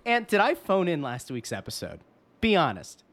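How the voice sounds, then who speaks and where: A male podcast co-host, his voice swinging widely in pitch as he rants. He sounds mock-indignant and keeps the banter going in a casual chat. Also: normal speed. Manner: animated, mock-indignant ranting.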